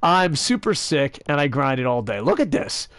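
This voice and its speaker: Higher-voiced man ranting with sarcastic jokes. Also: moderate pace, no echo. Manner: rambling, joking rants with sarcasm and cursing; excitable, talks to a friend off-mic. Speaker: gaming video host. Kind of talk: casual gaming commentary.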